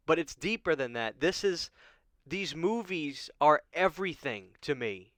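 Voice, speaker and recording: A man's voice: fairly high pitch, lively intonation, unhurried, sharp tone, no echo. A man hosting a horror vlog, giving an emotional, pleading rant and often asking "okay?". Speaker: horror channel host. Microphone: studio microphone.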